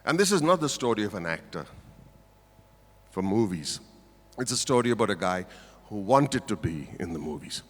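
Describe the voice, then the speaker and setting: A man's voice: on the low side, sing-song, normal speed, long pauses. An older man with an Indian English accent gives a humorous stage speech at a corporate event, playfully teasing the audience. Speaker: motivational speaker at a corporate event. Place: large auditorium stage. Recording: reverberant auditorium.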